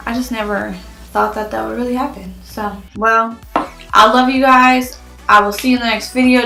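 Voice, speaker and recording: A woman's voice: fairly high pitch, gravelly, pushed and bright, poor audio. A young woman chatting casually in a beauty review vlog, full of "like" fillers. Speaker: beauty vlogger.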